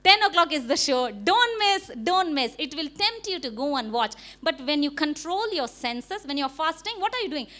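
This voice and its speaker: A woman's voice: high-pitched, a bit bright. A middle-aged woman pastor with an Indian English accent, preaching a sermon with emphatic rhetorical questions and frequent calls of "Amen".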